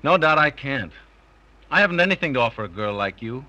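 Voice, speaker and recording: A man's voice: mid-range voice, expressive, fairly quick, pushed and bright. An actor playing a proud but humble young working man who speaks hesitantly and puts himself down, in an early 1930s film. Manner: hesitant, self-deprecating. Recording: dull old film soundtrack.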